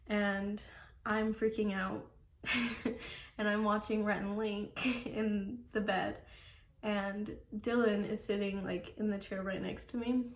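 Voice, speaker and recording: A young woman vlogging at home, telling a story casually in a rambling way, full of "like" and laughing often. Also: mid-range voice. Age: young adult. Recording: echoey room.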